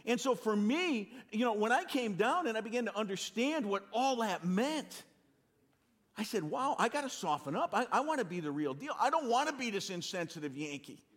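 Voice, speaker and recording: A man in his sixties with a Northeastern US accent, preaching a sermon with animated, self-deprecating stories and frequent restarts. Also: high voice, moderate pace. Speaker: pastor.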